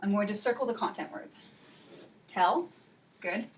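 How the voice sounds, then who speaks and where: A woman teaching an English class for adult learners, speaking clearly and encouragingly, and modeling example sentences slowly. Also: medium pitch, a little hiss or hum. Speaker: ESL teacher.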